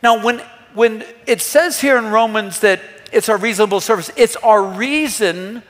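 A man's voice: sits high, moderate pace, a bit bright. A man in his thirties, a pastor, preaching an earnest, emphatic sermon with rhetorical questions. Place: church hall. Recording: long hall reverb.

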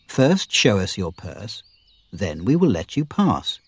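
A man's voice: fairly low pitch, very animated, takes it slowly, husky, no echo, pitched below the performer's own voice, heavily acted. A man voicing a bold, cheerful outlaw leader who speaks in a commanding, good-humoured way.

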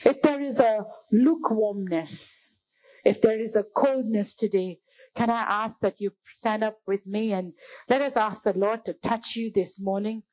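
A woman's voice: mid-range voice, steady tone, moderate pace, a little mellow, low-quality recording. A woman preacher delivering a fervent sermon in a church, often calling out to the congregation as church.

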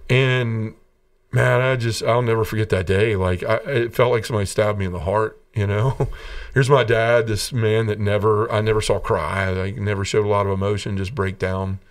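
A man's voice: lowish voice, fairly even intonation, normal speed, smooth, recorded from a distance. A man from Tennessee, a podcast guest, telling his personal story in an earnest and emotional way. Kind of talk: personal testimony in an interview.

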